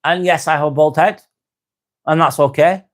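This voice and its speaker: A man with an East Lancashire accent hosting a live stream, chatting calmly with viewers, reading their comments and calling them mate as he winds down. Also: a little high. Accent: East Lancashire English. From North West England. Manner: calm, unhurried, winding down, calls people mate.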